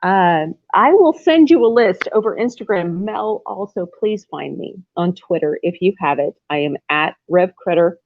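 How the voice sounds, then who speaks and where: A woman's voice: on the low side, animated, moderate pace, hardly any pauses, no echo. A woman hosting a casual livestream from home, rambling and effusive, often breaking into laughter. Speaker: livestream host. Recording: tinny phone-like sound.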